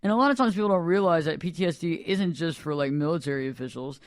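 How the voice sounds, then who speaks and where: A man who is a therapist and podcast host, explaining in a rambling, animated way in casual radio talk. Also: fairly high pitch, fast talker, no echo.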